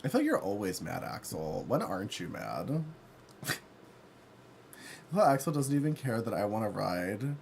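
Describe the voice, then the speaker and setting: This game streamer has a lowish, gravelly voice at normal speed and pauses often. He jokes around campily with his chat, reading it aloud, laughing frequently and yelling when excited, over a little hiss or hum.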